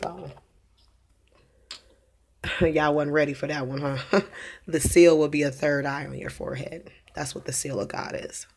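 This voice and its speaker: Speaking a little slowly with long pauses, a young woman with a low, husky, darkish voice and fairly even intonation delivers a casual sermon-like monologue. As a religious vlogger, she rambles about faith and her kids' dreams, full of fillers and restarts, laughing at her own jokes.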